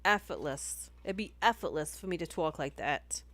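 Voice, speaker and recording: A woman's voice: sits low, normal speed, fairly bright tone. A woman chatting casually on a live stream between horror story readings. She rambles and interrupts herself as she talks.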